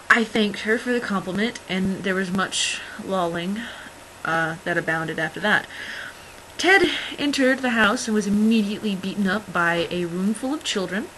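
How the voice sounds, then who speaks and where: A woman's voice: medium pitch, fairly bright tone, slight background noise, rough recording. A young woman vlogging in casual chat, rambling through stories with lots of fillers and wry, exasperated asides. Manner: rambling, filler-heavy storytelling.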